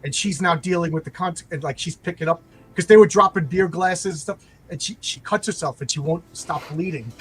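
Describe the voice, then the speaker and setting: A man in casual chat, retelling a TV show in a rambling, animated way, full of restarts and quoted lines. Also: fairly high pitch, brisk, breathy edge, low-quality recording. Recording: faint background noise.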